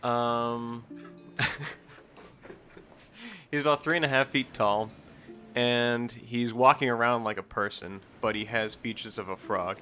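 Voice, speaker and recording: A man's voice: mid-range voice, fairly even intonation, unhurried, pauses often, bright, forceful tone, faint music behind. A man narrating a tabletop game as game master, describing scenes hesitantly with chuckles.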